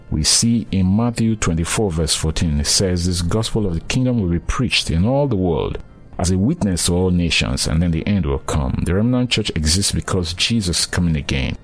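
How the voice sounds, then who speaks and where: Deep-voiced male preacher, fervent. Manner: earnest, rising to fervent emphasis on quoted scripture; addresses listener directly as friend. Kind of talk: sermon.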